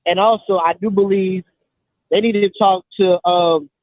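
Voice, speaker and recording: A man's voice: high voice, fairly even intonation, measured pace, no echo. A man calling into a show, making his point emphatically and repeating himself. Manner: repetitive, emphatic. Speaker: caller. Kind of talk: call-in opinion. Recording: tinny phone line.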